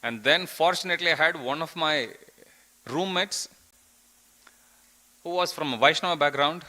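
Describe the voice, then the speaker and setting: Bright-voiced man giving a scripture class. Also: a little high, poor audio. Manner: earnest storytelling, quoting verses.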